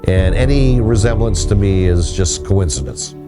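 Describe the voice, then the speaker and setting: A man hosting a casual talk on folklore, telling a story in a rambling, halting way with many restarts. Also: deep voice, music in the background. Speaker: host.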